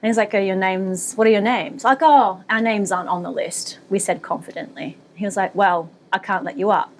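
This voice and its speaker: A woman in her thirties co-hosting a podcast, telling a story in a casual, animated way and laughing often. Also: mid-range voice, a little fast, a little hiss or hum. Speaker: podcast co-host.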